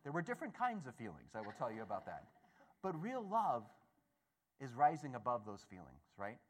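A man giving a storytelling talk to an audience, animated and acting out voices, often stammering and restarting. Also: medium pitch, fairly quick, slight background noise. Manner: animated, acts out the voices in his stories. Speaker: speaker at a Catholic gathering.

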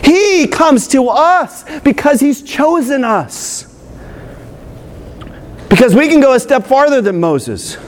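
A priest preaching a homily in a strikingly high voice. He gets excited and stresses words, slowing right down on the key phrases. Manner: excited, emphatic preaching with slow drawn-out phrases.

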